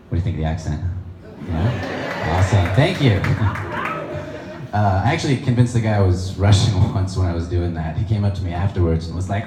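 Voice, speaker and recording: A man's voice: low-pitched, moderate pace, long pauses. A young man doing a stand-up comedy set on stage, with chatty, nerdy, self-deprecating delivery. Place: comedy stage before an audience. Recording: echoey room with noise.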